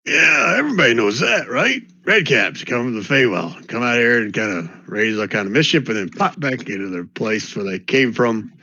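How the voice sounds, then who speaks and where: A man voicing a rambling, gossipy old country man with an odd folksy drawl and excitable questions. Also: moderate pace, hardly any pauses. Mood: gossipy, incredulous. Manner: excitable, questions shoot up in pitch. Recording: dull lo-fi dry mic.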